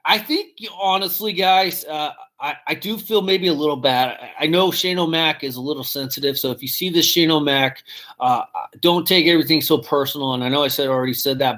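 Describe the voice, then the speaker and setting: A man's voice: a little high, fairly bright tone. Rambling man hosting a live stream. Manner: rambling, swears casually, reads chat aloud. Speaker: podcast host. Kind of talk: casual live-stream chat.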